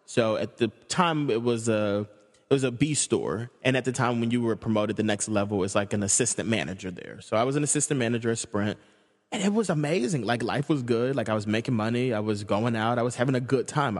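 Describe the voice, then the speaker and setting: A man's voice: medium pitch, brisk, big-room sound. A young man casually telling a personal story, with lots of fillers and moments of emotion.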